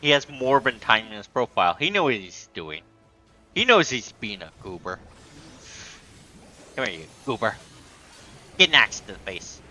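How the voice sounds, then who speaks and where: A man's voice: mid-range voice, sing-song, moderate pace, long pauses, bright, forceful tone, soft background music. A man streaming a game live, playfully taunting enemies and chatting to viewers. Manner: playful, talks to enemies and chat.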